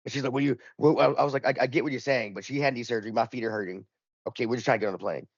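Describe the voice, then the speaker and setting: Talking rapid-fire in a mid-range voice, a male podcast co-host rambles through a profane story, restarting repeatedly and voicing both sides of the argument. The dull, lo-fi recording is dry with no room sound.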